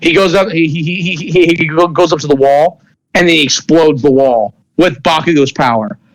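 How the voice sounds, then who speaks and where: A man with a somewhat high voice runs a tabletop game, narrating in a rambling, halting way full of restarts and fillers. The sound is dry and close, with no room around him. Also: no room sound, rough recording. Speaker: game master.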